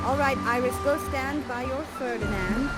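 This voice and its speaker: A woman hosting a live interactive theater show, coaxing and directing the audience in a playful, warm way over background music. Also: high voice, moderate pace. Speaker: immersive theater performer and guide. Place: virtual reality theater show.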